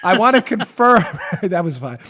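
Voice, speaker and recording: A man in his forties hosting a political talk show, mocking and animated, often breaking into laughter. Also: sits high, normal speed. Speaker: host.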